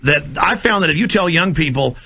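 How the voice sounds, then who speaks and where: A man's voice: fairly high pitch, animated, brisk, sharp tone, slight background noise. A man speaking in a conversational, thoughtful way with frequent fillers, heard as a radio guest. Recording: dull lo-fi radio audio.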